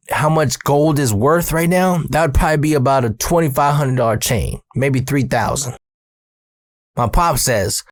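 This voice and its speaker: A man telling a story from his youth in a casual, profane, animated way, full of slang. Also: medium pitch, no echo, studio quality.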